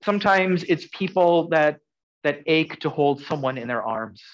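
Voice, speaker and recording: A man preaching a sermon in an earnest, conversational way, swinging from loud emphasis to soft, quiet lines. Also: on the high side, lively intonation, unhurried, dull audio. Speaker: pastor.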